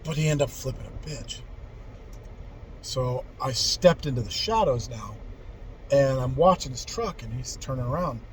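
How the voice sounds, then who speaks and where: A man's voice: mid-range voice, normal speed, slight background noise, rough recording. Candid man rambling through a story. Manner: rambling and candid, with frequent profanity and restarts. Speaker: vlogger telling life stories. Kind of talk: casual personal storytelling.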